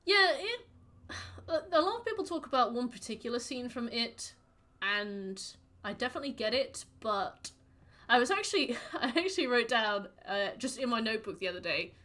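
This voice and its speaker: A woman's voice: fairly high pitch, animated, normal speed, bright, forceful tone. A woman streaming a game, chatting casually with her viewers in a rambling, playful way. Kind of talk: casual chat while gaming.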